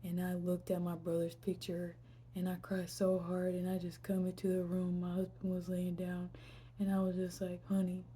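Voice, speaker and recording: A young woman speaks in a low, even voice for her personal vlog, reflective and rambling with plenty of fillers. Her tone is dark and mellow, and at times it drops into a near-whisper. A faint background hiss sits under the recording. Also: normal speed. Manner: reflective, heavy use of fillers, drifts into whispers. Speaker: vlogger.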